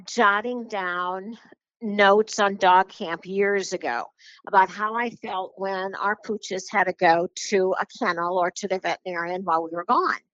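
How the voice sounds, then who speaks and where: A woman author chats in a loose, rambling way, full of fillers and small laughs. Her voice sits at a middle pitch. The recording is dull and dry, with little room sound. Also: steady tone, measured pace, fairly bright tone, dry recording. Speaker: children's book author. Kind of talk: casual interview talk.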